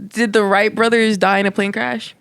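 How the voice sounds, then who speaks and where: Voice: medium pitch, level tone, normal speed, fairly bright tone, clear, resonant tone. A podcast co-host, giggly and teasing in casual chat.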